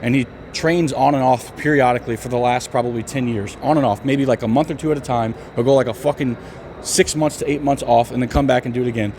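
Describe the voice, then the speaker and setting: A man's voice: mid-range voice, steady tone, a little mellow, a little hiss or hum. A male bodybuilder chatting in a gym, cursing a lot and talking with emphasis. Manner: profane, emphatic, fast-talking. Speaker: bodybuilder vlogger. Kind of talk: casual gym chat.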